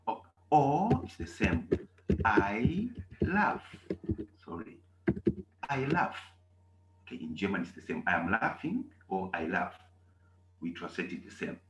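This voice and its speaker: A man teaching a language class in a roomy, echoing space with a faint hiss behind him. He talks slowly and with a lively, swooping pitch, and he keeps checking in with his students. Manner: repetitive, emphatic, asks "okay?" often. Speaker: German teacher. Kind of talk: classroom lesson.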